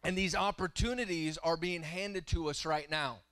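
A man's voice: on the high side, normal speed, fairly bright tone, clear, resonant tone, no echo. A man in his thirties preaching a sermon in church, telling stories and building to fervent exhortation. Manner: storytelling, rising to fervent preaching. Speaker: guest preacher. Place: church sanctuary.

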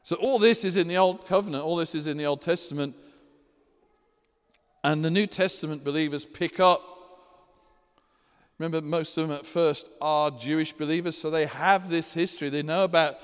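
Speaking at normal speed with long pauses, a pastor delivers a smooth, animated sermon, telling the stories of scripture and acting out scenes in a high, panicky voice. His voice sits a bit high for a man, and the church hall rings with long reverb.

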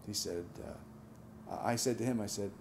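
A man in his sixties, a veteran, telling a personal memory in a halting, reflective, soft-spoken way. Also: on the low side, noisy background. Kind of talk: personal testimony.

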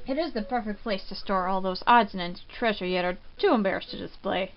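A woman's voice: mid-range voice, fast, muffled recording, noisy background, lightly acted. Woman doing a nasal, pompous raccoon salesman. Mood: salesy. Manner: formal, salesy reading of game dialogue. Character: smooth-talking male raccoon shopkeeper, pompous salesman. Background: game music.

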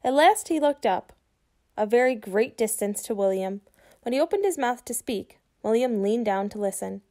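A woman reading a children's book aloud, pausing to ask her young listeners questions about the story. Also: on the high side, animated, dark tone. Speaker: reader for children.

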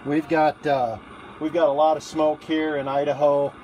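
A man's voice: a little high, little pitch movement, normal speed, mellow, slight background noise. A man live-streaming from an outdoor barbecue grill on a phone held in one hand, chatting casually and rambling with plenty of fillers and restarts. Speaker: livestreamer taking a food challenge.

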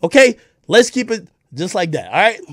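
A man streaming an angry, profane rant, confrontational and breaking into shouts. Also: sits high, big pitch swings, normal speed, heavy background noise.

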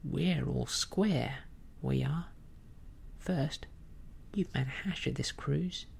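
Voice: mid-range voice, slow pace, creaky, a little hiss or hum. A storyteller voicing a resentful, mutinous male pirate in a blunt, accusing whispered role-play.

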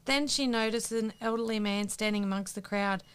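A woman co-hosting a podcast, reading out jokes in a brisk, matter-of-fact way. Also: medium pitch, fairly even intonation, fairly bright tone, clear, resonant tone. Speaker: co-host telling jokes.

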